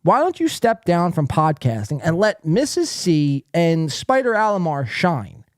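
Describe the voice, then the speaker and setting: On a live podcast, a man with a slightly high, sing-song voice reads chat comments aloud at an unhurried pace. He rants at a viewer in a profane, taunting, confrontational manner, and the sound is clean studio audio with no echo.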